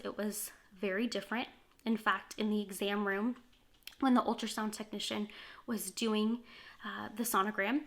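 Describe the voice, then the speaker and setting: A woman's voice: medium pitch, fairly bright tone. A woman sharing a personal story to camera in a candid, heartfelt way. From California, USA. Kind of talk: earnest first-person testimony to camera.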